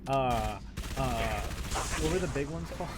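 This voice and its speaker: Woman streamer for a casual game stream: lively swooping pitch, quick to laugh, swears freely. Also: heavy background noise. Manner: excitable, laughs often, swears, reads chat aloud. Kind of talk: casual live-stream chat.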